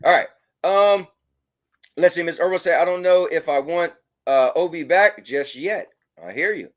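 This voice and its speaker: A man hosting a casual livestream, reading chat messages aloud and giving shout-outs. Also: a little high, moderate pace. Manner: animated, talks to his dog. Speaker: livestream host.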